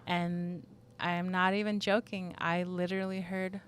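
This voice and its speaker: A woman's voice: on the low side, flat delivery, moderate pace, a little hiss or hum. A woman co-hosting a casual podcast, recounting a strange experience in a chatty way full of "like" and "you know". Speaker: podcast co-host. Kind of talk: casual storytelling chat.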